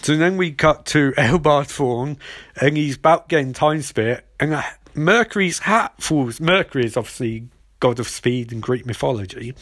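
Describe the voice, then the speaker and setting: A man's voice: mid-range voice, lively intonation, normal speed, fairly bright tone, no echo, clean studio sound. A man giving a rambling, profane, jokey recap of a television episode. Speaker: show recapper. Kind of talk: casual comedic episode recap.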